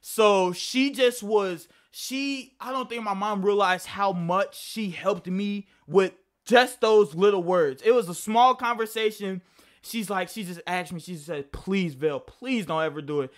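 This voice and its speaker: A man's voice: sits high, a little slow. A young man telling a casual personal story to camera, rambling and profane, often restarting his sentences. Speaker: vlogger.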